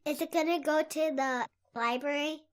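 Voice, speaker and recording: A squeaky baby-voiced sidekick. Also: male voice, normal speed. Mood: eager. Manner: excited, eager questions. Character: giddy childlike sidekick, baby-voiced adult man. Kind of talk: comedy podcast bit.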